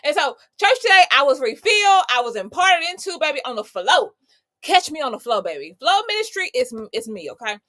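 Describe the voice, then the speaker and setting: A woman's voice: high voice, very animated, fairly quick, a bit bright. A woman in her thirties giving an exuberant, preachy motivational live talk, greeting viewers by name. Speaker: host.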